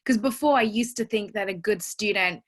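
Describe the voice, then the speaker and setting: A woman's voice: mid-range voice, normal speed. A woman, a teacher, reflectively sharing her experience on a group coaching call, with frequent "like" fillers.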